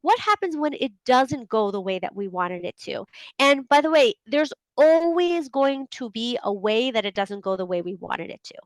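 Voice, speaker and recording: A woman's voice: on the high side, lively intonation, moderate pace, no room sound, rough recording. A woman hosting a casual group video call, chatty and full of fillers, who often acts out inner voices. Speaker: host of a group coaching call. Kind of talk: casual talk to an online group.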